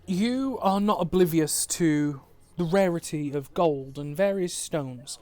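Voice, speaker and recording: A man's voice: a little high, slow, dark tone. A man running a tabletop game as game master over an online call, describing scenes in detail, laughing readily and swearing casually.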